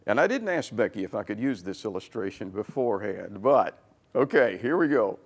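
Gravelly-voiced man preaching a folksy sermon. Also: on the low side, lively intonation, moderate pace. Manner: folksy, repeats words and restarts while he talks. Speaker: pastor. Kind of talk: conversational sermon.

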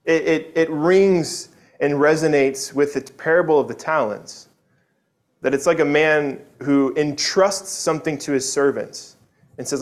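A man's voice: fairly high pitch, steady tone, a little slow. Earnest male preacher, conversational sermon. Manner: earnest, conversational, frequent restarts and tag questions.

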